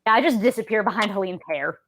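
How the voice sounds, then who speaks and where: A woman describing her character's actions in a tabletop game, quiet and matter-of-fact. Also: mid-range voice, expressive, fast talker. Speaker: player. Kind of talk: tabletop role-play narration.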